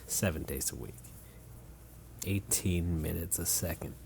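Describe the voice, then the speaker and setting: A man's voice: low voice, unhurried, vocal fry, a little mellow, a little hiss or hum. A man co-hosting a comedy podcast in casual chat, dry and sarcastic. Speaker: podcast co-host.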